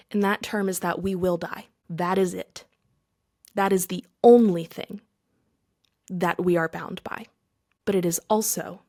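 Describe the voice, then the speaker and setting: A woman hosting a thoughtful podcast monologue, speaking with earnest conviction. She slows down and sometimes drops to a whisper to stress a point. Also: mid-range voice, mellow. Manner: earnest, with whispered emphasis and slow dramatic pauses. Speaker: podcast host. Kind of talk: reflective monologue.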